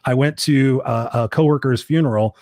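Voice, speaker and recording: A man, a life coach, telling a candid personal story in an interview, animated and swearing casually. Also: medium pitch, moderate pace, no room sound. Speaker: coaching guest.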